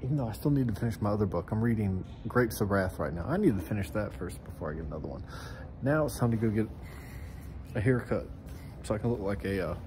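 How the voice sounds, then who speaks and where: A man's voice: lowish voice, animated, fast, music in the background. A man in a casual vlog, rambling and joking about himself as he goes about his day in a town in winter. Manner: rambling, self-mocking, chatty. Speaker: vlogger.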